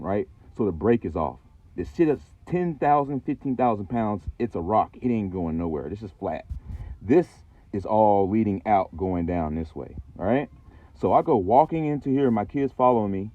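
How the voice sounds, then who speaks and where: Man, low and animated, rambling profane storyteller, tinny phone-like sound. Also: no room sound. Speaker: channel host. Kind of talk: casual storytelling vlog.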